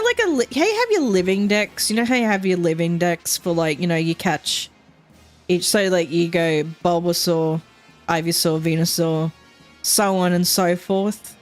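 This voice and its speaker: A woman, chatting casually on a gaming stream and rambling, swearing and laughing often. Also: on the low side.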